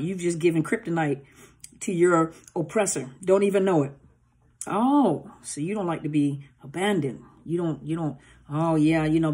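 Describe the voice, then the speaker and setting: Husky-voiced woman coaching in casual talk. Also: fairly low pitch, a little mellow. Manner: conversational, acts out dialogue with filler-heavy asides. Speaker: coach on narcissistic abuse.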